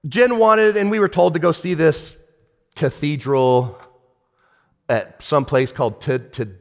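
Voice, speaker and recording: Male pastor, slightly high voice, chatty storyteller with asides, long church-hall reverb. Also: a little slow. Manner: animated, chatty, many restarts and asides. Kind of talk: sermon storytelling.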